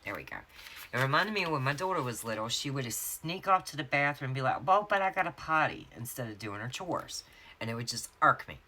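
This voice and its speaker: This woman, a planner vlogger with a Southern US accent from North Carolina, has an animated bass voice with a sharp tone. She laughs and spins a long story full of drawn-out asides while decorating a planner in her home craft office, with slight background noise.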